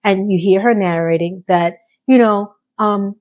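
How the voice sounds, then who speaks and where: A woman's voice: medium pitch, fairly even intonation, brisk, few pauses, a little mellow, muffled recording. A woman casually recapping a TV episode, chatty and full of opinionated asides.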